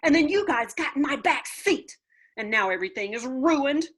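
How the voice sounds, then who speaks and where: A woman's voice: high voice, expressive, moderate pace, fairly bright tone, voice pushed up. A woman voicing a cranky, huffy little girl who complains in a whiny way, in a children's book read-aloud.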